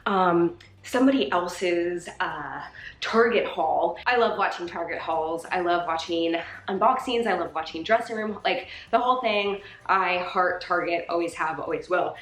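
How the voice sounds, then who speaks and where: A woman's voice: fairly low pitch, a little slow, roomy sound. A woman chatting casually as a vlogger, unboxing a shopping haul and filling her talk with likes and ums. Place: room at home.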